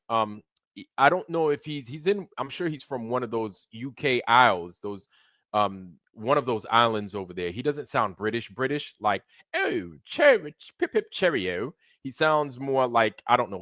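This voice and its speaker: Slangy man with a bright, forceful voice. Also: mid-range voice, no echo, clean studio sound. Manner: loose and slangy, shouting out viewers by name. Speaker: livestream host. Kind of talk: casual livestream chat.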